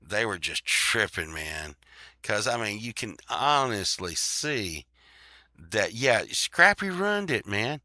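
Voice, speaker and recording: Slow, bright-voiced swearing man. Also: on the low side, lively intonation, no echo. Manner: rambling, profane, laughs often. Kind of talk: casual chat.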